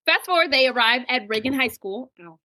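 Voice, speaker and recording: A dry recording captures a woman with a high-sitting voice, talking a little fast. As a podcast co-host, she chats through a film recap and animatedly acts out what the characters say.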